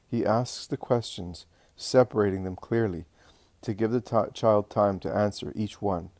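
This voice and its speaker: A man giving an earnest, measured scripted reading of a religious narrative. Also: on the low side, fairly even intonation, darkish tone, no room sound.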